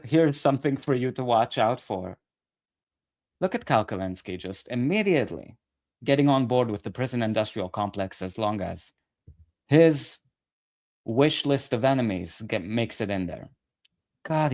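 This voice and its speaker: A man's voice: mid-range voice, lively intonation, normal speed, darkish tone. A man ranting in a political commentary video, profane, sarcastic and mocking.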